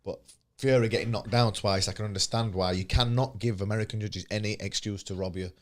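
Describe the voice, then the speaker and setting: A man giving opinionated, quick-fire views in casual podcast chat and repeating his points. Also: on the low side, fairly even intonation. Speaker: podcast guest. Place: podcast studio.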